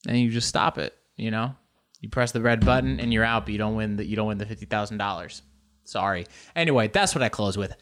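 A male stand-up comedian telling a story with animated bursts of mock outrage. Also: on the low side, quick pace, clean tone.

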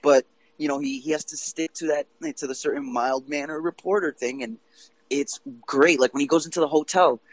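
A man chatting casually about movies, excitable and quick to jump between points, swearing now and then. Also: fairly high pitch, no room sound, low-quality recording.

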